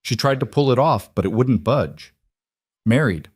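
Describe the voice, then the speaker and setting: A man narrating a dramatic story in an even, measured way. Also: medium pitch, husky, dry recording, clean studio sound.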